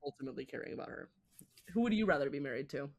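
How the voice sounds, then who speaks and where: Low-voiced woman podcast co-host, opinionated. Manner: animated, opinionated, quick asides. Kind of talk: casual podcast chat. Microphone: home podcast microphone.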